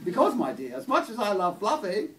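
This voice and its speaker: A shrill, cut-glass older English lady, as a male comedian puts her on speaks with genteel calm about callous things. Her voice is pitched high and sings up and down. It is heard from a distant mic in a venue, with faint noise behind. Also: very slow, full character voice.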